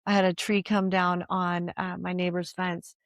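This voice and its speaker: A woman's voice: on the low side, little pitch movement, moderate pace, no room sound, clean studio sound. An older woman talking as a guest in a casual conversation, telling stories animatedly with restarts and laughter.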